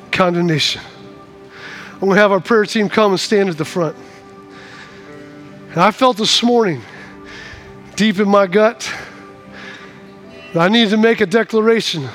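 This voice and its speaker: A man preaching a sermon in church, swinging from hushed, slow lines to loud, acted-out shouts. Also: high-pitched. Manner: acts out scenes in the voices of people in the story. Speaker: pastor.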